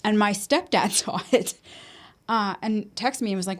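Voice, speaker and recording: A woman's voice: medium pitch, animated, moderate pace. A woman casually telling a personal story in conversation, full of ums, casual swearing and nervous laughs. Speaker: podcast host.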